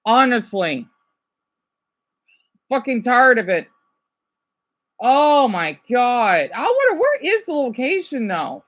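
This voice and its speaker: A man's voice: very high voice, very animated, slow pace, pauses often, lo-fi sound. A man from Arizona reacting to a news clip, ranting heatedly with lots of swearing and rambling asides. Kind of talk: profane reaction rant.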